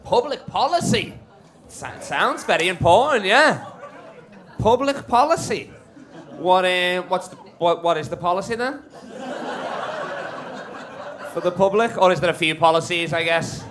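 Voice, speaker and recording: A man with a high, expressive voice and a bit of brightness speaks at normal speed from a comedy club stage. It's live stand-up crowd work, full of brash banter and free swearing, recorded live in the club with the audience present.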